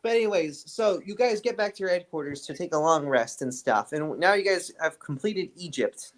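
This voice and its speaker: A man's voice: a little high, lively intonation, normal speed. Man running a tabletop game. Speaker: game master.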